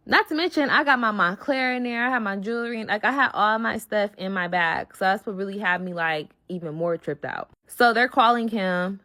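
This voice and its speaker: A young woman recounts a storytime in a loose, animated way, full of slang and swearing. She acts out the lines of the people she quotes. Her voice sits in the middle of the range. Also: medium pitch, normal speed. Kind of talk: casual storytime.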